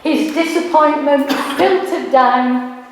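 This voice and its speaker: A woman performing her own poetry at a live event, with a slow, measured, deliberate delivery. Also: high voice. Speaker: performing poet. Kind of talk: spoken-word poetry reading. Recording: echoey hall, faint noise.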